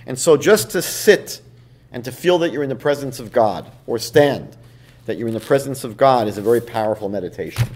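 A rabbi giving an evening lecture, teaching in a conversational way, telling stories and reading passages aloud. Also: male voice, medium pitch, expressive, fairly quick, a little mellow. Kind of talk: evening lecture in a seminar series.

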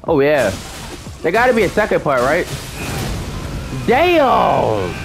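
A man talks over his gameplay with a high, lively voice that jumps around as he reacts. He trash-talks the boss, swears, and shouts at the screen, with faint game music under him. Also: slow, gravelly. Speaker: gamer and channel host. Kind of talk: live gameplay commentary.

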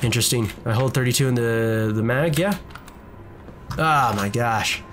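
A man's voice: medium pitch, normal speed, fairly bright tone, slight background noise. A man giving casual let's-play commentary from his desk at home, jumpy and chatty, talking to the enemies on screen. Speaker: gaming video creator.

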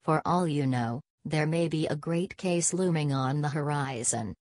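Brief: good-humoured young male friend, read by a woman, low voice, dry booth. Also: unhurried, a little mellow, no echo. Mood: cheerful. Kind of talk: audiobook character reading.

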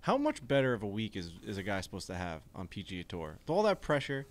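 A man's voice: fairly low pitch, wildly swooping pitch, quick pace. A man co-hosting a golf podcast, bantering in a crude, jokey way and swearing. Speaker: podcast co-host. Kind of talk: casual golf podcast chat.

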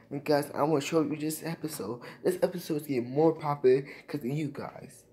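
A man's voice: a little high, a little mellow, slight background noise. A young man vlogging to his subscribers in a casual, emotional and repetitive way, thanking them over and over. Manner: emotional, repetitive, keeps saying "guys". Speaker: YouTuber. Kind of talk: casual vlog talk to viewers.

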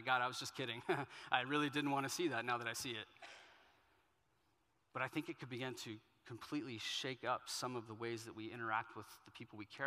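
A man's voice: medium pitch, sharp tone, long reverb tail. A male pastor giving a sermon, telling stories in a conversational, self-deprecating way. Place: church auditorium.

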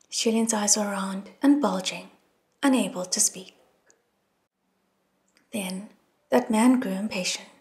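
A woman narrating an audiobook in an expressive, soft reading style. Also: mid-range voice, a little slow. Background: soft music.

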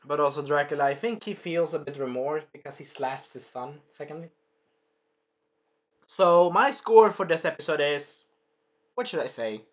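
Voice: mid-range voice, normal speed. Rambling, swearing show reviewer. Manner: rambling, swearing, many fillers and restarts. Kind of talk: casual video review.

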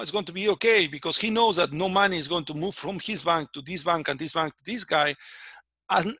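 A man's voice: high voice, bright, forceful tone, no echo. A man teaching a finance class over a video call, often stopping to check that students follow. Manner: checks understanding often, with many restarts. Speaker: finance lecturer. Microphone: computer mic on a video call.

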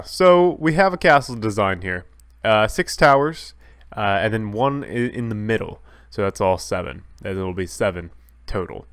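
A gaming YouTuber talks casually over his own gameplay, joking, addressing viewers directly and correcting himself along the way. His voice sits on the low side with a slight brightness, recorded dry at studio quality.

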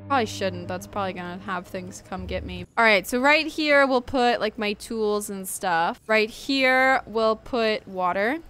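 A woman's voice: medium pitch, a little slow, few pauses, a bit bright, slight background noise. A woman streamer giving nervous, jumpy let's-play commentary, swearing often and gasping at every scare. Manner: jumpy, nervous, swears a lot, frequent gasps. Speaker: gaming streamer.

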